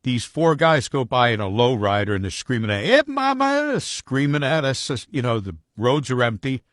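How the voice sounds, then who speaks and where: A man's voice: mid-range voice, brisk, no echo, clean studio sound. A man telling a story casually in a blunt, profane way.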